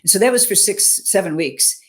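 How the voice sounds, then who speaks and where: A woman's voice: medium pitch, expressive, fairly quick. Earnest woman telling her story on a call. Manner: earnest, peppers talk with "you know", "okay?" and "right?". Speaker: interview guest, mental fitness coach. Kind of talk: personal storytelling in a conversational interview.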